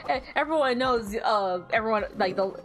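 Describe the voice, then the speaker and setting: A woman's voice: on the high side, normal speed, a crowd in the background. A woman streaming a game with wry, joking commentary. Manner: wry, joking, sings silly bits. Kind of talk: casual gameplay commentary.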